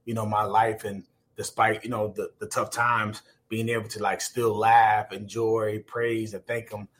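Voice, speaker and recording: An American man in his forties, once a football player, earnestly tells his life story on a podcast, full of fillers and restarts. His voice is fairly low, with little pitch movement and a slightly slow pace. It's reflective personal storytelling.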